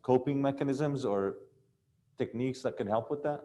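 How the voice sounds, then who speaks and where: A man in the audience quietly and earnestly asking a question. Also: mid-range voice, moderate pace.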